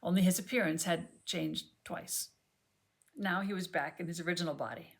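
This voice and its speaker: Gentle, low-voiced woman reading an audiobook. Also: creaky. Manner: gentle, measured reading that drops to a near whisper. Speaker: audiobook reader. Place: home, on a sofa.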